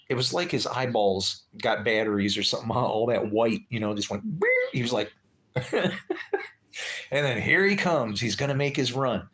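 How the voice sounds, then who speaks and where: A middle-aged man telling a personal story casually on a livestream, animated, acting out the other people's voices. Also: mid-range voice. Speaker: livestream host.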